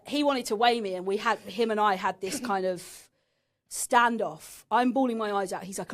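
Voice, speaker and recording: Woman in her thirties from England, podcast guest, candid storytelling, blunt, swears, mid-pitched voice. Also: moderate pace. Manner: frank, emotional, sweary.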